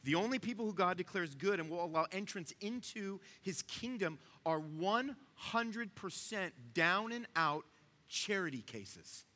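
A man's voice: high-pitched, lively intonation, a little slow, sharp tone, in a large hall. A man preaching a sermon in a conversational way, talking straight to his listeners. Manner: conversational, asks the room to follow along. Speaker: pastor.

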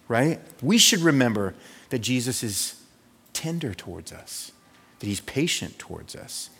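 A male pastor delivering a sermon in an easy, conversational style, often turning to the congregation with a quick "right?". His voice sits in a middle register. The sound carries a long reverb from a church hall. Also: medium pitch, fairly bright tone.

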